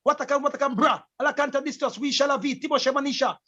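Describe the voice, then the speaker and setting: A man's voice: very high-pitched, steady tone, very fast, pushed and bright. A Jamaican man in casual chat, speaking emphatically and repeating himself as he holds forth. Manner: emphatic, repeats words and preaches about language. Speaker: guest, reggae artist. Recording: dull lo-fi audio.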